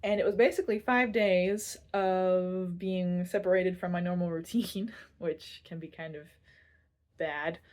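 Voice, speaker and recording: A woman's voice: lowish voice, fairly even intonation, a little slow, darkish tone. A young woman vlogger telling a personal story in a candid, self-deprecating way, rambling a little and restarting her sentences.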